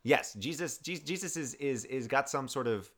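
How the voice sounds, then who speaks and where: A man in his thirties co-hosts a casual conversation, often stopping to restart his sentences and leaning on fillers. His pitch rises and falls freely as he wanders through his thoughts. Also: expressive, fairly bright tone. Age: 30s. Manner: rambling, halting with many restarts and fillers. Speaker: podcast co-host. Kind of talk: casual chat.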